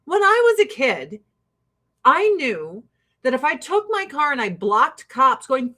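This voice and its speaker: A woman in her forties with a notably high voice, ranting to her livestream viewers. She swears freely and turns heated and sarcastic. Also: sing-song, a little slow, pushed and bright.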